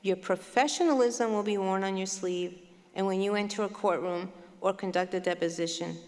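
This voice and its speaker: A woman's voice: medium pitch, normal speed, darkish tone. A woman dean giving a formal, emphatic commencement welcome speech from a podium microphone. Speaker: law school dean. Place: large hall at a graduation ceremony. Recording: long hall reverb.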